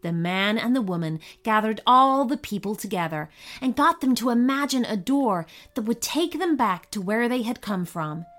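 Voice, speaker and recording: A woman reading a children's story aloud with expressive, animated narration. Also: fairly high pitch, moderate pace, few pauses.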